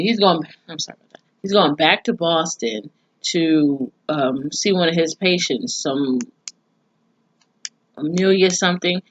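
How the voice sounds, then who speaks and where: A woman's voice: low-pitched, lo-fi sound. A woman recapping a TV episode in casual, profane storytelling, with plenty of asides and cursing. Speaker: TV series reviewer.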